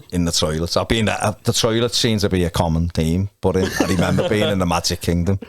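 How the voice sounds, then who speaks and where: A man's voice: low-pitched, fairly even intonation, brisk, dry recording, clean studio sound. A man chatting casually as a podcast guest, telling stories and chuckling often. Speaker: podcast guest, fan channel presenter. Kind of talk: casual chat and anecdotes.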